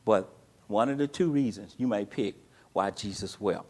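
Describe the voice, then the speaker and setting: A man teaching a Bible class, quizzing his students with call-and-response questions and retelling the story in colloquial, animated speech. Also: lowish voice, moderate pace.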